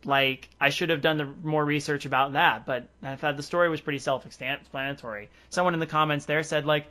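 A man's voice: on the high side, fairly even intonation, a little fast, sharp tone. A young man in casual podcast chat, who sounds youthful and laughs often. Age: young adult. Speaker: podcast host.

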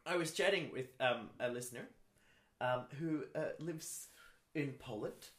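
Male podcast co-host, slow and lively, bright voice, roomy echo. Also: mid-range voice. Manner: lively, drawn-out delivery with frequent fillers. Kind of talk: casual comedic chat. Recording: echoey room.

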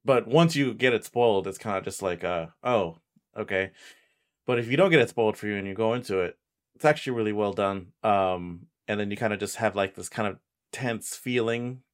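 A man's voice: lowish voice, a little fast. A young man with the hiccups in casual chat about anime, easygoing and hesitant with many fillers.

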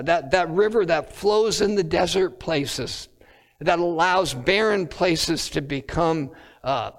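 A man preaching a sermon, pausing often on fillers and lifting his voice when quoting scripture. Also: a little high, big-room sound. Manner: halting, many filler pauses, rising on quoted scripture.

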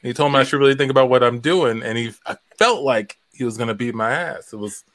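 A man with a middle-pitched voice tells a story in an earnest, halting way. He plays a comedian in a comedy sketch. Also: a bit bright.

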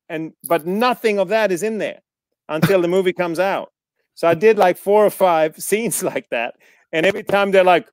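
Animated swearing man telling stories. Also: high-pitched, moderate pace, no room sound, studio quality. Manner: animated, swears freely, mimics others in quotes. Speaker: actor guest. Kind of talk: casual storytelling chat.

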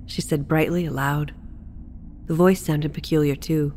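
A woman narrating a story excerpt in a measured storybook reading. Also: low voice, very animated, slight background noise.

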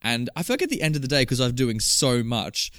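A man's voice: mid-range voice, sing-song, fairly quick, fairly bright tone, dry recording, studio quality. A young man co-hosting a podcast in casual chat. He rambles with lots of fillers and laughs often. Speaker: podcast co-host.

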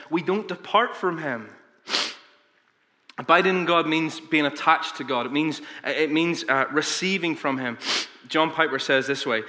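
A man's voice: on the high side, pushed and bright. A man preaching a sermon as pastor, earnest and emphatic, with frequent fillers and restarts. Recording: long reverb of a large hall.

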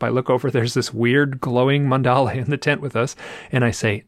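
A man's voice: mid-range voice, fairly even intonation, fairly quick, dry recording, studio quality. A man telling a personal story in a casual, rambling way, with restarts and repeated phrases. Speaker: guest telling an experience.

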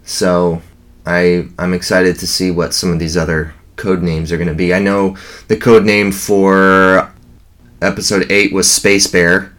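A man's voice: low voice, little pitch movement, unhurried, a bit bright. A man chatting casually and enthusiastically, rambling with fillers. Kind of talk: casual fan chat.

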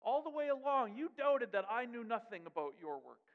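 A man voicing a gentle male savior, speaking softly and low with calm repeated reassurances. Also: fairly quick, full character voice. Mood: tender. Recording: dull audio in a long-echo hall.

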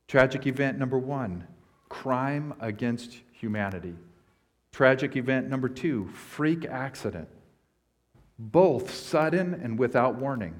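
Male pastor, mid-pitched, earnest teaching sermon with emphatic swells. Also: animated, unhurried.

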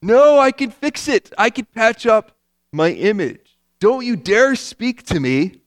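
A man's voice: high-pitched, very animated, slow, pitched above the performer's own voice, exaggerated voice. A man voicing a grand, pompous wizard who turns into a flustered old man caught behind a curtain. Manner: loud, grand, theatrical.

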